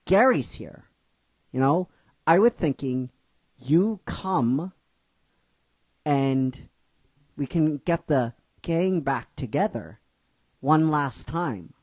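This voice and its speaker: A man's voice: a little high, lively intonation, drawn-out words, pauses often, a little mellow, no room sound, exaggerated voice. Brock, as a man reads his lines. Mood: coaxing. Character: young man, upbeat old friend, coaxing.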